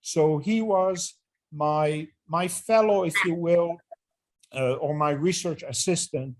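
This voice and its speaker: An older man talks through his career in a fairly high voice, speaking earnestly. He often restarts a phrase as he gathers his memory, and his tone stays reflective throughout the interview. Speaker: retired neurosurgery department chair, interview guest.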